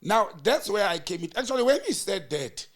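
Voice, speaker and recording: A man's voice: high-pitched, very animated, a little fast. A South African man in a political chat show, retelling a heated hearing and acting out each side's words with rising emphasis. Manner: storytelling, acting out quoted exchanges with rising emphasis. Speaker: political commentator.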